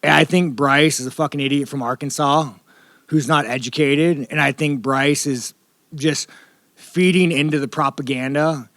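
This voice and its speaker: A man's voice: on the high side, fairly even intonation, normal speed, fairly bright tone, no echo, studio quality. A man from the United States, a professional fighter at a press scrum, talking in a blunt, rambling, profane way. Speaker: professional fighter at media day.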